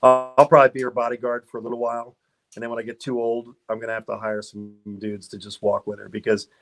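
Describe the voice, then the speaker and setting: A middle-aged man chatting as a guest on a car podcast, voice sitting at an ordinary pitch. He tells his stories loosely, laughing often and tripping over restarts as he goes. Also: flat delivery, fast talker, faint music behind. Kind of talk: casual interview storytelling.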